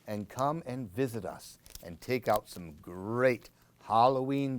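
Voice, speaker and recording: Male library storyteller, slow and animated, whispers the spooky bits. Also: medium pitch. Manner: playful sound words, hushed whispers. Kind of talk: children's picture book read-aloud.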